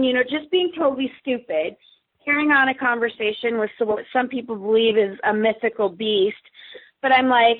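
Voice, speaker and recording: A woman's voice: a little high, moderate pace. A woman guest telling a story in casual chat, acting out what people said. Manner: lively, acts out quoted dialogue. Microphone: phone. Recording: tinny phone line.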